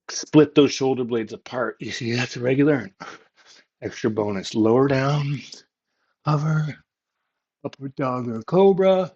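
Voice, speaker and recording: Slow-spoken male yoga instructor. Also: medium pitch, husky. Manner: calm, encouraging cues. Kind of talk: guided workout instruction. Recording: slightly muffled, lo-fi audio.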